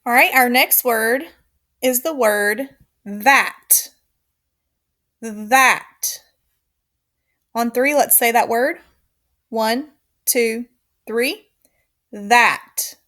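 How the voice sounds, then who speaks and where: A woman teacher giving a recorded phonics lesson to young children, slow and clear, encouraging, with counted call-and-response. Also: fairly high pitch, a bit bright.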